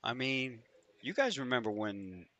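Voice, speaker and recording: A man's voice: medium pitch, big pitch swings, a little slow, a bit bright, lo-fi sound. A man hosting a live trading stream, talking through charts in loose, profane, joking banter.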